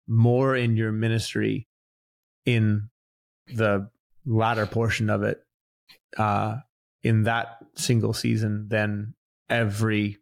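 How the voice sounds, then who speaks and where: A young man telling a faith story in an earnest, animated way during a casual conversation. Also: fairly low pitch, gravelly, no room sound, clean studio sound. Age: young adult. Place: Los Angeles.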